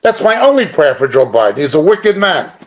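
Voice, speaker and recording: A man's voice: on the high side, big pitch swings, brisk. A middle-aged man teaching an informal sermon in a conversational, emphatic way, chuckling now and then. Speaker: Bible teacher.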